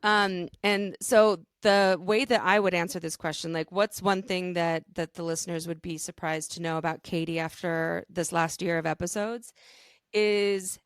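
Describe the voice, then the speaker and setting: Woman co-host, earnest and rambling, lowish voice, dry close sound. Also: smooth, dry recording. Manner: earnest, rambling with many fillers. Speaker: podcast co-host. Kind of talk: casual chat.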